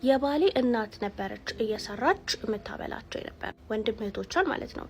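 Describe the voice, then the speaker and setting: A woman narrating a scary personal story, mixing English words into her speech. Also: fairly high pitch.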